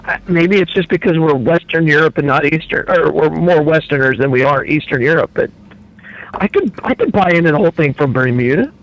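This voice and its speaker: A man's voice: fairly high pitch, animated, a little fast, a bit bright, muffled recording. A man co-hosting a morning radio show, jumping in with jokes and rhetorical questions. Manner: wisecracking asides, rhetorical questions. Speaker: radio co-host. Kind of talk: casual radio chat.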